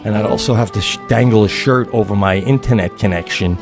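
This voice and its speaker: A man co-hosting a comedy podcast, telling a rambling, animated story in casual chat. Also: fairly low pitch, brisk, gravelly, over music. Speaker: podcast co-host.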